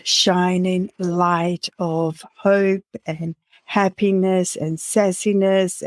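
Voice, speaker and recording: A middle-aged woman hosting a podcast interview, speaking in a measured, reflective way. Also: lowish voice, dry recording, clean studio sound. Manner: slow, measured, warm and reflective. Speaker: podcast host. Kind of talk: conversational interview.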